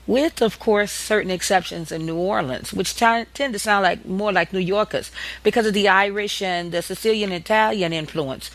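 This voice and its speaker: A man from the American South with a high-pitched voice and a Southern accent gives a talk on regional accents. He switches between accents to demonstrate each one. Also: normal speed, a bit bright, rough recording. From Southern United States. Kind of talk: explanatory monologue on accents.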